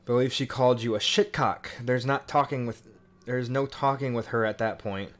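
A man's voice: medium pitch, fairly even intonation, normal speed, a bit bright. A man streaming a horror game live, cursing and sounding irritated as he plays. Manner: profane, irritated, exasperated. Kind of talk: live gameplay commentary.

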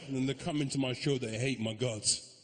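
A man's voice: medium pitch, fairly even intonation, a little fast. A man doing live stand-up, brash and teasing the crowd, with plenty of swearing. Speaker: stand-up comedian. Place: large comedy venue. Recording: echoey hall, audience noise.

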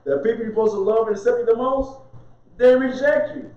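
A man's voice: very high voice, fairly quick, darkish tone. A male minister giving an informal, conversational sermon. He laughs often and asks questions, then answers them himself. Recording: very echoey, dull muffled sound.

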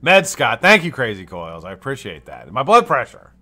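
Male host from the US, chatty live-stream voice, bright tone, plenty of pitch swing, casual cussing. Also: normal speed. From United States. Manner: animated, chatty, swears casually. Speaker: livestream host.

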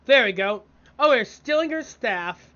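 A woman's voice: a little high, animated, a little slow, a bit bright, soft background music. A woman giving casual let's-play commentary, mumbling asides and breaking into startled reactions, on a dull lo-fi mic. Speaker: gaming video creator.

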